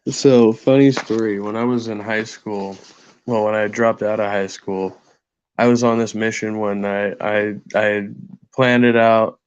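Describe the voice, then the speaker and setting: A man's voice: lowish voice, fairly even intonation, unhurried, smooth. A man in casual podcast chat, telling long, rambling stories packed with swearing. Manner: profane, rambling anecdotes with heavy swearing. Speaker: podcast co-host. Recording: dull lo-fi sound.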